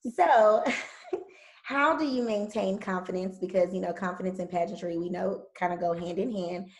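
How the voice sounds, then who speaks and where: Southern woman in her twenties, podcast host; gravelly, lively and quick to laugh in casual chat. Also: mid-range voice, low-quality recording. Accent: Southern American. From American South. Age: 20s. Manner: animated, emotional, laughs easily.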